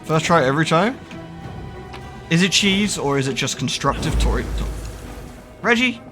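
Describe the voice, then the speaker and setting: A man's voice: fairly high pitch, sing-song, moderate pace. A man streaming a game, chatting casually, swearing now and then, and reading the game's text aloud. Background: faint game music.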